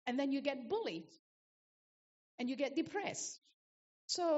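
A woman's voice: high-pitched, a little mellow, in a large hall, muffled recording. A woman preacher delivering a sermon, emphatic and repetitive, asking the congregation rhetorical questions.

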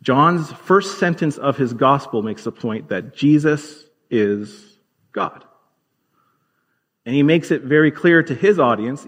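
A man preaching a sermon as pastor, explaining scripture in a conversational teaching manner and slowing down to stress key words. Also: mid-range voice, fairly bright tone, breathy edge. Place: church sanctuary. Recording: long hall reverb.

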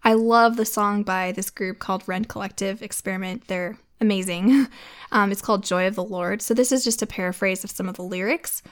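A woman's voice: medium pitch, fairly even intonation, brisk. A woman in her thirties hosting a faith-based podcast for mothers, talking earnestly and laughing often. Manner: earnest, warm-hearted, laughs often, tears up reading lyrics. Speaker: podcast host.

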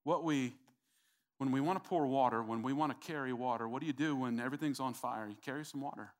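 A man's voice: mid-range voice, fast. A middle-aged man preaching a sermon, emphatic and repetitive, calling out to the congregation. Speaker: pastor.

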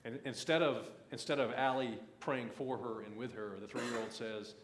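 A man's voice: medium pitch, steady tone, moderate pace, roomy sound, a little hiss or hum. A man in his thirties preaching a sermon, folksy and conversational, often saying "man" as he tells family stories. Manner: folksy, says "man" often, pulpit storytelling. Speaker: pastor.

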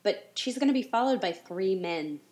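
A woman co-hosting a podcast in casual chat, animated and quick to speed up, with frequent chatty asides. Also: medium pitch. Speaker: podcast co-host.

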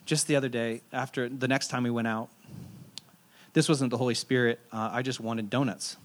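A man in his thirties, a pastor preaching a sermon in a relaxed, conversational and self-deprecating storytelling way. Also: medium pitch, moderate pace.

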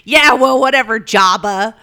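Woman putting on a shrill screaming patient. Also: moderate pace. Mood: shrieking. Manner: yelling, abrasive. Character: shrill, belligerent female hospital patient.

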